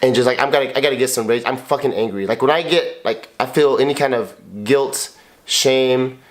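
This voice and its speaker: A man's voice: medium pitch, a little fast. A man in his thirties co-hosting a couple's podcast, talking in a raw, confessional way, blunt and emotional, cursing often and repeating himself. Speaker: podcast co-host, husband.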